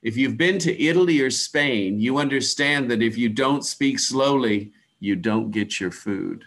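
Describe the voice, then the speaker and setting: Man, middle-aged, softened Midwestern American accent, pronunciation teacher, slow and deliberate, spells words out, mid pitch. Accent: American Midwest, softened by years abroad. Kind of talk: online class lecture.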